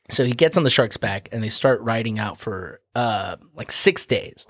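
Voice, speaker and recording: A man's voice: on the low side, lively intonation, normal speed, hardly any pauses, fairly bright tone, no room sound, studio quality. A man casually retelling a folk tale on a podcast, swearing freely and acting out the characters' lines. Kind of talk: casual storytelling with crude humor.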